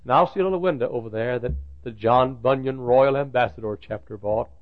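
On a tinny, lo-fi old sermon tape, a pastor from Dallas, Texas, preaches in a medium-pitched voice at a fairly quick pace. He tells stories and repeats phrases, building to emphatic peaks.

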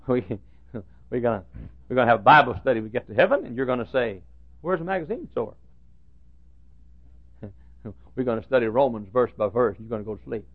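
A man preaching a sermon in a folksy, animated way, jumping from loud high outbursts to hushed asides. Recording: dull lo-fi recording.

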